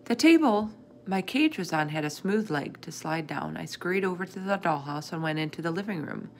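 Woman reading a kids chapter book out loud, kinda gravelly, expressive. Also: fairly low pitch, a little fast, slight background noise. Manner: expressive, lively read-aloud narration. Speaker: reader of a children's book. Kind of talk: storybook read-aloud.

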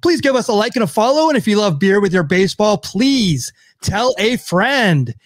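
A man's voice: high-pitched, normal speed, no echo, clean studio sound. A man hosting a podcast in a casual way, introducing co-hosts and stumbling over his words now and then. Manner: relaxed, many fillers and restarts introducing co-hosts. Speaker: podcast host. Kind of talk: casual chat.

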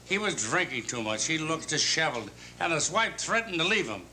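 Older man telling one-liners, lively high voice. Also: brisk, a little hiss or hum. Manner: punchy deadpan joke delivery. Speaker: stand-up comedian. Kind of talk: rapid one-liner stand-up routine. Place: television studio stage before an audience. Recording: 1970s TV studio audio, loud audience laughter.

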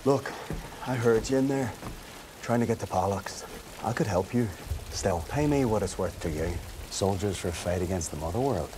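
An actor playing a roguish male mercenary pilot who bargains for pay, speaking in a wobbly put-on Irish accent with a low, sly, murmured delivery. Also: expressive, normal speed, warm tone, slight background noise, natural voice.

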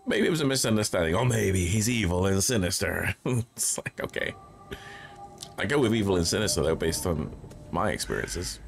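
A man's voice: sits low, lively intonation, moderate pace, gravelly, soft background music. A man streaming a horror game, reading notes aloud and joking as he plays. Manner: jokey, reads notes aloud, yelps when startled. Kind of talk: casual gameplay commentary.

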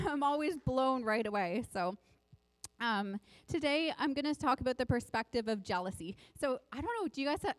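A woman's voice: on the high side, dry recording, poor audio. A woman giving a casual church sermon, chatty and rambling, often laughing and saying "like". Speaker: lay preacher. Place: church sanctuary.

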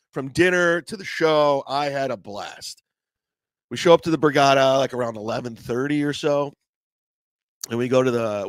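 A man's voice: medium pitch, no room sound. A man telling a story casually, then arguing defensively and repeating accusations of lying. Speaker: call-in guest. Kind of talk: casual storytelling and heated argument.

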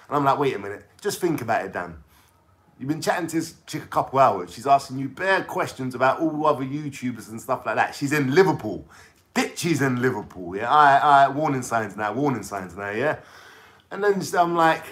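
A man's voice: mid-range voice, lively intonation, normal speed, a bit bright. Rambling young London man telling a story. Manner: rambling, slangy, keeps checking in with "yeah?". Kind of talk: casual storytelling vlog.

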